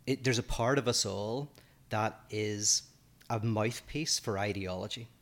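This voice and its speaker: A man with a Northern Irish accent and a fairly low voice talks through abstract ideas in a relaxed podcast conversation. He thinks aloud as he goes, laying out one point after another at length. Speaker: podcast co-host. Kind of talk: casual philosophical discussion.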